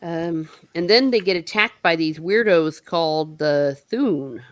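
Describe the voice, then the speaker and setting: Woman, deep voice, book club host, chatty plot recap, dry sound. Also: measured pace, dry recording. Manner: retells the plot animatedly, acting out quotes. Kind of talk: casual book discussion.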